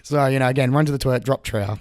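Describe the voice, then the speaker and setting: A man's voice: medium pitch, very fast, a little mellow, no echo, clean studio sound. An Australian man with a sore throat, rambling through a crude story while co-hosting a gameplay video. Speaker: gaming video co-host. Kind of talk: casual gameplay chat.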